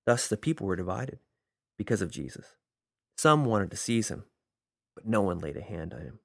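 A man's voice: fairly low pitch, lively intonation, normal speed, gravelly, no room sound, studio quality. A man preaching a sermon, reading scripture and telling it as a vivid, emphatic story.

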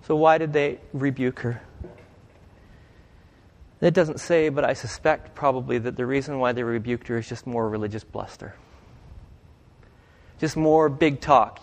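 A man's voice: mid-range voice, normal speed, creaky, long pauses, in a large hall. A male pastor preaching a conversational sermon, often putting questions to his congregation. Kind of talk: interactive sermon.

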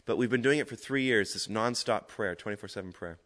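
A man giving a conversational, animated sermon as a preacher. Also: lowish voice, fairly quick. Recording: echoey hall.

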